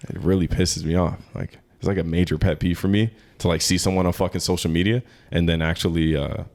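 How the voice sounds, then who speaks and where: Podcast host, male, very low pitch, rambling profane storyteller, laughs a lot. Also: brisk. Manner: animated, laughs often while telling stories. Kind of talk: casual chat.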